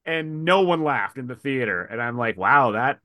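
Guy chatting about movies, bright voice, dry close sound, acts out the scenes. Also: mid-range voice, normal speed, dry recording. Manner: animated storyteller, acts out lines from scenes. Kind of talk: casual podcast chat about movies.

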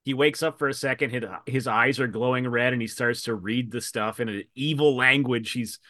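A man's voice: medium pitch, moderate pace, no echo, studio quality. A man chatting casually about movies, acting out scenes and quoting characters as he talks. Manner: animated storyteller, acts out lines from scenes.

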